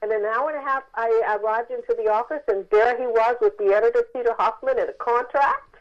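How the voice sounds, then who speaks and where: A woman author telling a story in a phone interview, lively and acting out the voices of the people she quotes. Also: on the high side, brisk, muffled recording.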